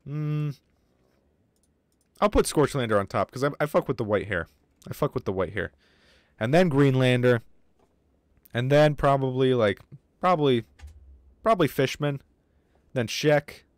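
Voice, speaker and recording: A man streaming a game live, with casual, excitable commentary, lots of swearing and remarks aimed at his chat. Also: medium pitch, measured pace, pauses often, dry recording, studio quality. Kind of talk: casual livestream gaming commentary.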